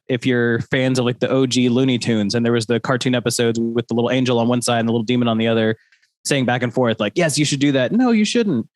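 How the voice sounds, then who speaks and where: A man whose nose is blocked up by allergies talks through psychology ideas in a relaxed, joking way. The sound is dry and close, with no room around it. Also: medium pitch, no room sound. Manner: loose, joking, explains in plain terms. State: congested from allergies. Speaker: podcast co-host. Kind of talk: casual explanatory chat.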